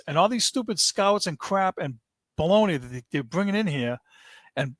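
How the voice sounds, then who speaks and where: A man's voice: sits high, lively intonation, moderate pace, fairly bright tone, no room sound. A man, hosting a sports podcast, launches into an angry, fed-up rant, stumbling and repeating himself as he vents. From Boston area.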